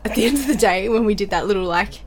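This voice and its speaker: A woman's voice: mid-range voice, fast talker. A young woman, co-hosting a podcast in casual chat, telling stories with lots of laughter. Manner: animated storytelling, laughs often. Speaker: podcast co-host.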